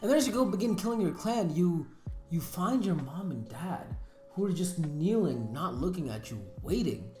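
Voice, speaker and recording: Brief: woman host, profane and slangy, lively delivery, echoey room. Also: fairly low pitch, moderate pace, faint music behind. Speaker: anime video host. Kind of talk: casual tier-list commentary. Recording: roomy echo.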